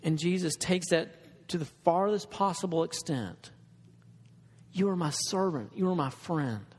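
A man's voice: fairly high pitch, unhurried, darkish tone, in a large hall. A man preaching a sermon in an earnest, conversational way, with restarts and asides to the congregation.

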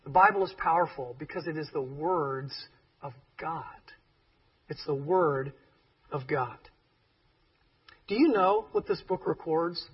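Animated high-voiced male preacher, husky. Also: a little slow, long pauses, distant mic, lo-fi sound. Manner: emphatic, animated, with joking asides. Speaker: pastor. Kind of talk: sermon.

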